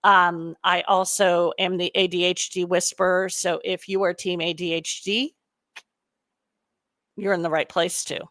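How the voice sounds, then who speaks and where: A middle-aged woman, a career coach giving a casual, animated webinar talk to her audience with frequent fillers. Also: fairly low pitch, unhurried, dry recording.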